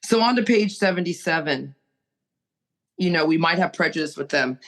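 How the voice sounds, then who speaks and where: A woman's voice: deep voice, animated, normal speed, a bit bright. A woman sharing on a recovery podcast, earnest and preachy as she urges listeners on. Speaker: recovery group member.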